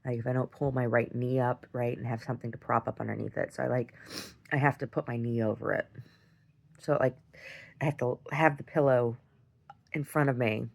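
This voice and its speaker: A woman's voice: rumbling low, steady tone, brisk, creaky. A woman telling a long story in a casual video diary, rambling, restarting her sentences and laughing often as she talks. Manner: laughs often while talking. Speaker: video diarist.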